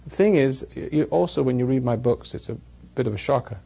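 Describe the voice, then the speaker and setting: A man's voice: medium pitch, animated, fairly quick, vocal fry, dark tone, slightly rough. A man giving a rambling talk to a live audience, chuckling at his own jokes as he tells stories. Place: evening gathering with an audience.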